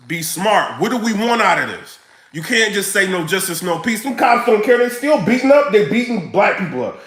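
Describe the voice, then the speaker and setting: A man ranting casually to camera in his vlog, animated, full of slang and laughing often. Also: high voice, echoey room, low-quality recording. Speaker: vlogger.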